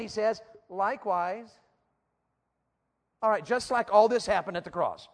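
Emphatic preacher, high voice. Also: male voice, a little slow. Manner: emphatic, repetitive rhetorical questions. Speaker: youth preacher. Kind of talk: sermon. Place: church platform before a youth audience.

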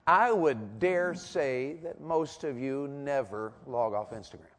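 A man's voice: medium pitch, animated, measured pace, long reverb tail. A middle-aged man preaching a sermon in a church auditorium, drawing the congregation in with rhetorical questions and call-and-response.

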